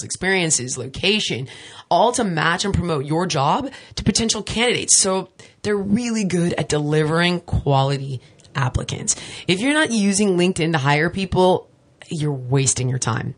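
A woman's voice: fairly low pitch, slightly rough. A woman host reading sponsor ads in a chatty, emphatic way, with casual asides. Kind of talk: casual ad read.

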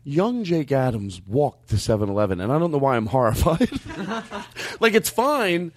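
A man in casual podcast chat who gets excited pitching a comedy bit. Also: moderate pace. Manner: excited, laughing asides. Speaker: podcast co-host.

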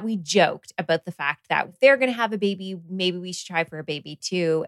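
A woman's voice: lowish voice, fairly bright tone, no echo, clean studio sound. A woman hosting a podcast in casual chat, effusive and laughing often. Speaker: podcast host.

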